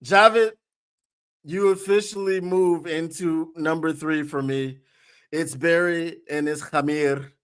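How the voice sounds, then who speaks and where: A man hosting a live sports watch-party stream, often shouting and whooping with excitement and laughing. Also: on the high side, slow pace, smooth.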